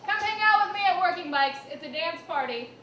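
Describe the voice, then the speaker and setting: A young woman performing stand-up, her voice high and bright, swinging up and down as she tells a self-mocking story and throws out shouted punchlines. It is a roomy live recording caught from some distance off the stage, with faint noise underneath. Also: animated, a little fast. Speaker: stand-up comedian. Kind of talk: stand-up comedy set. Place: small comedy venue with audience.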